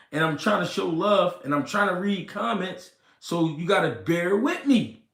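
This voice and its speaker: Animated man livestreaming, high voice, roomy echo. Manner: animated, repeats himself, swears, talks slow and deliberate. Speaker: livestream host reading comments. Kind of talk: casual livestream talk about boxing.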